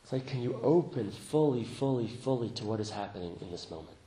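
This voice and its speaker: A man teaching meditation to a group, speaking gently, laughing often, and growing lively when he tells a story. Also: mid-range voice, brisk, reverberant, a little hiss or hum, low-quality recording. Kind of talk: dharma talk.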